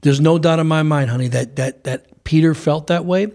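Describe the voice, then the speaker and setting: A man's voice: on the high side, moderate pace, a little mellow. A man preaching on a broadcast program, speaking fervently with frequent restarts. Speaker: preacher and co-host.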